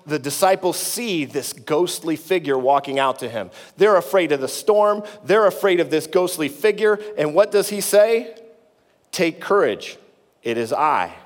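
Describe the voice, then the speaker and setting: A man preaching a sermon in a conversational way, dropping low and quiet to reassure. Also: animated, a little slow, in a large hall. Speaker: pastor.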